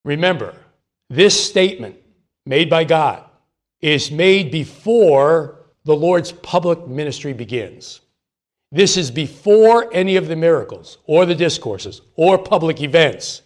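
A man leading a Bible lesson with a slightly higher-than-usual voice. He talks in a measured, deliberate way and keeps a reverent tone. He walks through the text step by step. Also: animated. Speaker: Bible teacher. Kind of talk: scripture reading and Bible study teaching.

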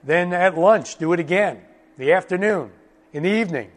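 A man teaching a Bible study lesson, slow and emphatic, repeating key words for stress. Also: sits high. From United States.

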